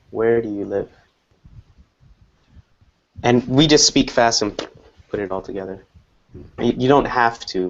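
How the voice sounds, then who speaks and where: A man teaching an online English class, explaining patiently and slowly with examples. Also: medium pitch, creaky, lo-fi sound.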